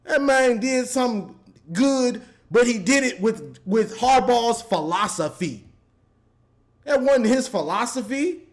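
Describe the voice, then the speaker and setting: A man's voice: extremely high pitch, lively intonation, unhurried. A man giving an exasperated, repetitive rant as a sports fan commentator, breaking into laughter now and then.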